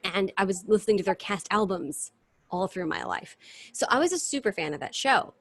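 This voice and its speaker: A woman's voice: mid-range voice, fairly quick. Chatty woman telling stories. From New York City. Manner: chatty, animated storytelling with fillers and restarts. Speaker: interview guest. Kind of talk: casual chat. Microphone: video call.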